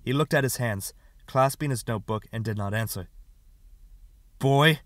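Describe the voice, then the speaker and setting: Calm male audiobook narrator, dry sound. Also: lowish voice, a little fast, no echo.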